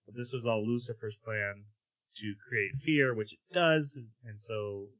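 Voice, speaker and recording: A man on a podcast walks through an episode, slipping into the characters' lines as he goes. His voice is bright and forward. The audio is dull and lo-fi. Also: fairly low pitch, measured pace. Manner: animated retelling with quoted lines. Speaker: podcast co-host. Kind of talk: casual chat, recapping episodes.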